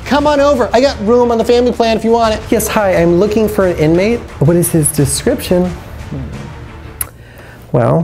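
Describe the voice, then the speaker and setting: A male comedian playing a paranoid, overprotective middle-aged mother who frantically spins wild theories and lets out shrill outbursts. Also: darkish tone. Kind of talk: comedy sketch acting.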